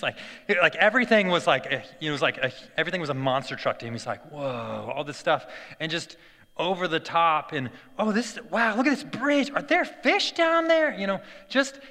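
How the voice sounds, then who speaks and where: A man's voice: fairly high pitch, bright, forceful tone. A man in his thirties tells a family story as a devotional talk, chatting casually with lots of fillers and restarts. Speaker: speaker giving a devotional talk. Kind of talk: sermon-style personal story. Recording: long hall reverb.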